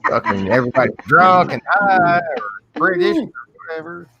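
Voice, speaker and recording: A man's voice: fairly high pitch, wildly swooping pitch, moderate pace, gravelly, dull audio, noisy background. A man teasing in easygoing casual banter on a livestream.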